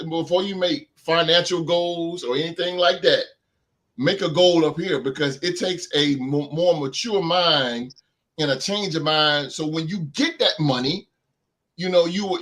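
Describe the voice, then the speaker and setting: A man's voice: on the high side, fairly bright tone. A man in his thirties on a podcast, talking earnestly and emphatically, repeating himself as he urges other men on. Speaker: podcast guest. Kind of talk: heartfelt casual chat.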